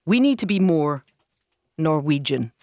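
A woman's voice: low-pitched, big pitch swings, a little slow, darkish tone, no room sound, studio quality. Teasing woman radio co-host. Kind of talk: live radio chat.

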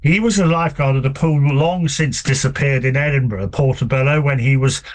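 A man talking at an everyday middle pitch, telling anecdotes with many small hesitations and restarts. He sounds relaxed, like an author explaining his subject to an interviewer. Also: a little fast. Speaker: author and guest. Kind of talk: relaxed radio conversation.

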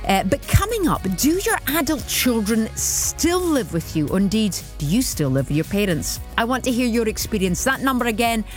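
A woman's voice: a little high, big pitch swings, moderate pace, hardly any pauses, soft background music. A woman from Yorkshire presenting a live morning radio phone-in, upbeat and chatty as she reads out listener texts. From Yorkshire, England. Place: radio studio. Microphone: studio microphone.

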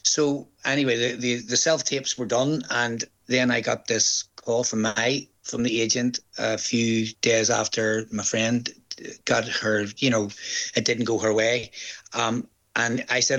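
An older man with a Northern Irish accent talks through an interview in a relaxed, chatty way. He tells stories from his acting work and jumps up in pitch to act out the people he quotes. His voice sits at an ordinary middle pitch for a man. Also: normal speed. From Northern Ireland. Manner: chatty storyteller, quotes others in lively voices. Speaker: stage actor guest. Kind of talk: casual interview chat.

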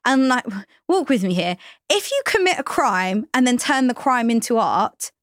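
A woman co-hosting a casual talk show tosses out playful, probing questions. Her voice sits fairly high and swings widely in pitch. The recording is close and dry. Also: expressive, moderate pace, fairly bright tone, dry recording. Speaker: podcast co-host. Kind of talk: casual chat.

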